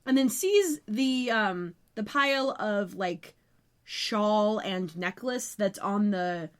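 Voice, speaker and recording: A young woman co-hosting a podcast at an ordinary middle pitch. She recaps scenes in a relaxed, chatty way and slips in dry, joking asides. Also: slow pace. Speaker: podcast co-host. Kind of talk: casual recap chat.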